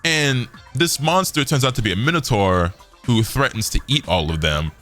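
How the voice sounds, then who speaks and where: A man's voice: lowish voice, very animated, fairly quick, fairly bright tone, soft background music. A young man giving a loose, slangy casual recap as an anime reviewer.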